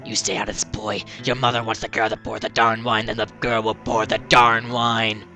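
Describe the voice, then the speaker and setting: A man voicing a gruff, bullying old father who talks slowly and menacingly. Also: fairly low pitch, completely flat delivery, pushed and bright, faint music behind, pitched below the performer's own voice.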